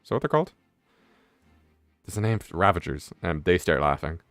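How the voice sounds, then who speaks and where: He's a young streamer playing a game and rambling casually, full of fillers and curse words. His low voice has a sing-song lilt and moves fairly quickly, with no room sound and soft background music.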